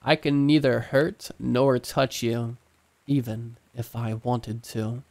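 A man voicing a sinister, contemptuous wood spirit trapped below ground, speaking in a slow, hissing way. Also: mid-range voice, level tone, creaky, a little mellow, no echo. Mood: coaxing.

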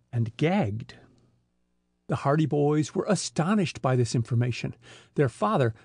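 A man narrating an adventure audiobook with expressive storytelling. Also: a little high, husky, no echo, clean studio sound.

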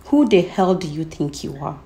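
A woman's voice: low-pitched, big pitch swings, normal speed, dark tone, echoey room. A woman arguing heatedly, angry and raising her voice. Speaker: girlfriend being tested. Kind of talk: heated argument.

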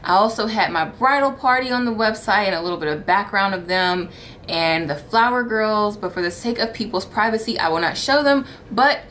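A candid, chatty woman in her thirties vlogs in a casual tone. Her voice sits at an ordinary middle pitch, and a faint hiss of room ambience runs underneath. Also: normal speed. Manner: chatty and candid, laughing often, animated when exasperated. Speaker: vlogger. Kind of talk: casual wedding-planning vlog.

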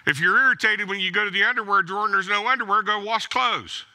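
A man's voice: sits high, fast talker, sharp tone. A male pastor preaching a sermon in an emphatic, exhorting way, driving points home with blunt repeated commands. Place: church.

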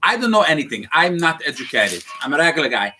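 A man's voice: fairly high pitch, very animated, fast, pushed and bright, faint music behind. A man playing a rambling, self-deprecating rebbe in an improvised comedy skit. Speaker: comic playing a folksy rebbe.

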